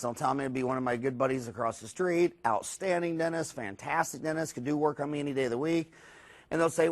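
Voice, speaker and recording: Higher-voiced man lecturing dentists. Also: fairly quick. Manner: rambling, animated storytelling with many fillers. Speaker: dentist teaching a course. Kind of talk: recorded lecture.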